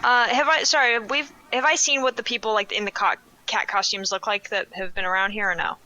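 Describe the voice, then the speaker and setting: A woman playing a tabletop game, quick and playful. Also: fairly high pitch, steady tone, sharp tone, low-quality recording. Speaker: player.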